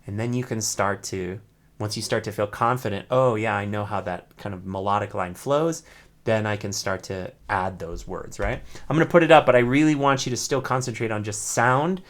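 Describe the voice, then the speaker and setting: A man's voice: fairly low pitch, moderate pace. A man teaching an online ukulele class, explaining step by step in an encouraging way and often checking in with "right?".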